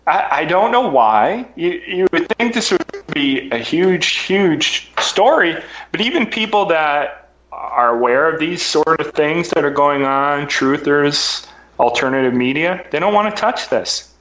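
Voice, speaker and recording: A man speaks as a guest on a talk podcast, musing in a casual way with frequent halting restarts. His voice comes through a muffled, lo-fi remote line from an echoey room. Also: fairly high pitch, big pitch swings, a bit bright. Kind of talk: casual chat. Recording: roomy, dull-sounding remote line.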